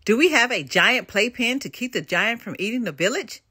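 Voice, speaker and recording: A woman's voice: a little high, expressive, brisk, bright, forceful tone, breathy edge, no echo, clean studio sound, full character voice. A woman voicing Violet Pilot, a practical young girl flyer hero, in a storybook, speaking in a matter-of-fact way. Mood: thoughtful.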